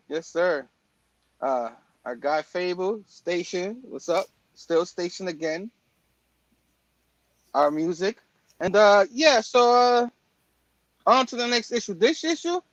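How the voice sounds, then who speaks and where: Hosting a laid-back comic book talk show, a man rambles along with lots of fillers and restarts in this casual podcast chat. His voice sits high and a bit bright, and the sound is lo-fi with no echo.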